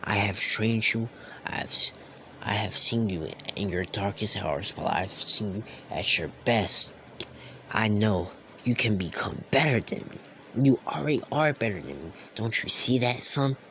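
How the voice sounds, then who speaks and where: A man's voice: fairly low pitch, animated, measured pace, sharp tone, a little hiss or hum, heavily acted. A young man voicing an earnest, fatherly superhero captain in a fan story, giving solemn, heartfelt speeches to his son.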